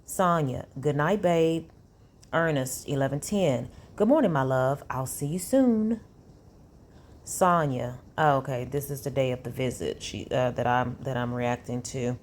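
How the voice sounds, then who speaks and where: Slow, low-voiced woman reading texts aloud. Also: a little hiss or hum. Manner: sassy, incredulous asides. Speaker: commentary vlogger. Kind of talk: reading text messages aloud with commentary.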